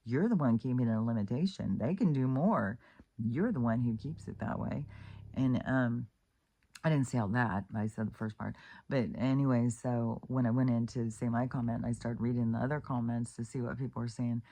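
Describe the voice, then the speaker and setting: A woman's voice: a bass voice, normal speed, warm tone. A woman vlogging in a rambling, profane, casual rant, full of fillers and restarts, exclaiming in disbelief.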